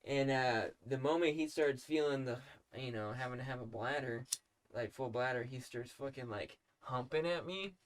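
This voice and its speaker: A man's voice: mid-range voice, moderate pace, a little hiss or hum. A young man telling a story in casual podcast chat, rambling and swearing, full of fillers. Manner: profane, rambling with many fillers. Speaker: podcast co-host.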